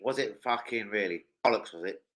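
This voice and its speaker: A man hosts a casual football live stream. His voice is bright and forceful, and he swears constantly. He jumps from easy chat into sudden loud, excited outbursts. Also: on the low side, brisk, poor audio. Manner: excitable, swears a lot, shouts bursts of football reactions.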